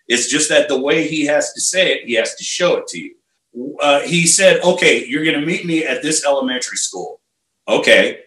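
A man in his fifties, a martial arts instructor, telling stories in a casual and animated way. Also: on the high side. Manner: animated, acts out quotes, many fillers. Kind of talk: casual storytelling. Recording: roomy echo.

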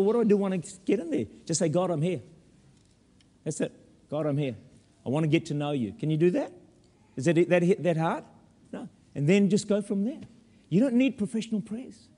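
A man preaching a sermon as pastor in a church, animated with humorous asides. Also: on the high side, breathy edge, big-room sound.

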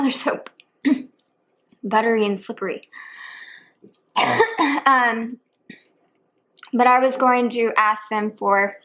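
Her voice fairly high and fairly bright, a woman makes relaxed small talk while eating in a home mukbang video.

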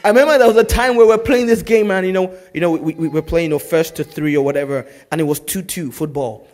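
Lively preaching man, higher voice. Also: fast. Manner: lively storytelling preacher, swinging from loud to hushed. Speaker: pastor. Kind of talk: sermon.

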